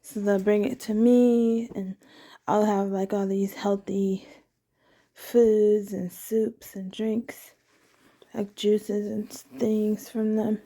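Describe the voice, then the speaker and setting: Woman, casual vlog monologue, very mellow dark tone, flat even delivery, candid and meandering. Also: mid-range voice, takes it slowly. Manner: meandering, candid, frequent self-corrections.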